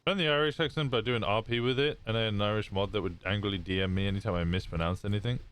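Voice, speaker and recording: A man's voice: fairly low pitch, quick pace, a bit bright, clean tone. A male streamer chatting casually out of character during a role-play stream, curious and swearing freely, often trailing off mid-sentence.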